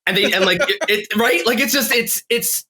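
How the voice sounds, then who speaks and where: A man's voice: high voice, moderate pace, pushed and bright. A man co-hosting a podcast in casual chat, swearing and laughing often as he talks. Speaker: podcast co-host.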